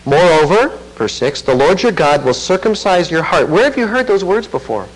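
A man delivers an expository sermon, reading scripture aloud and commenting on it with earnest, swelling emphasis that climbs to fervor and then drops low. He is very animated, speaks at a moderate pace with hardly any pauses, and the recording is rough.

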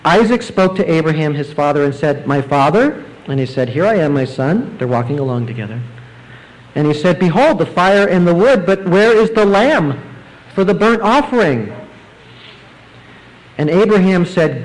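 Guy preaching a sermon, kinda high voice, gets all emphatic. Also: normal speed, rough recording. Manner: emphatic, rising to bursts of excitement. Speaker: pastor.

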